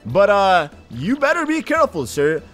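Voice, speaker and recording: A man's voice: high-pitched, wildly swooping pitch, moderate pace, fairly bright tone, faint music behind, voice pushed up, full character voice. A man voicing a formal, courteous male ship sailor in a game, overly polite.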